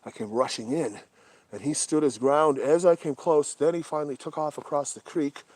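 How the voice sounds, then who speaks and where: A man hosting a livestream outdoors at night, talking casually and swearing a lot, often dropping to a hushed whisper. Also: fairly high pitch, moderate pace, no echo. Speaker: livestream host. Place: outdoors at night in brush by a creek.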